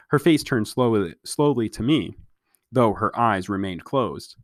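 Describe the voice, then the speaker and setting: Calm man reading a novel aloud. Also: lowish voice, measured pace, no echo, clean studio sound. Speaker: storybook reader.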